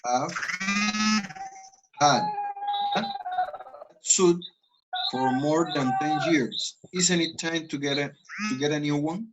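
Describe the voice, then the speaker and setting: A man's voice: on the high side, rough recording. Spanish-accented man teaching English. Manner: switches between languages, slow deliberate model sentences. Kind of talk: online class, explaining grammar.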